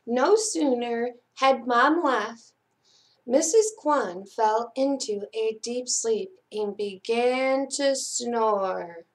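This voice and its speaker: A woman reading a children's picture book aloud at library storytime, expressive and dropping softer for suspense. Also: on the high side, takes it slowly. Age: adult.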